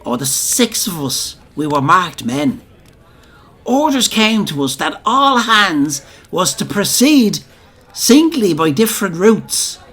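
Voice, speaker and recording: Heavily acted, a husky voice set on the high side with a fairly bright tone belongs to an actor portraying an older Dublin man. In this theatrical comic monologue, he tells a boastful, meandering pub tale, tossing colloquial asides to those listening.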